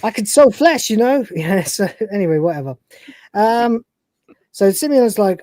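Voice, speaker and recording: A woman's voice: mid-range voice, lively intonation, moderate pace, warm tone, no echo. A woman co-hosting a live stream, giving a rambling, profane, casual recap of a TV episode and acting out its scenes. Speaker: podcast co-host.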